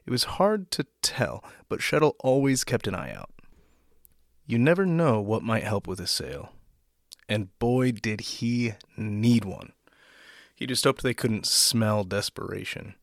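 A man with a lowish voice hosts a fiction podcast and reads the story himself. He talks in a relaxed, self-deprecating way. The sound is dry and close. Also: a little slow, gravelly, no echo. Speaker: podcast host and narrator. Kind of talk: reading a short story aloud.

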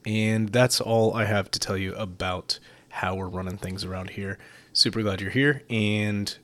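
A man hosting a story podcast, reading a short story aloud after relaxed, self-deprecating remarks. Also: on the low side, measured pace, noisy background. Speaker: podcast host and narrator.

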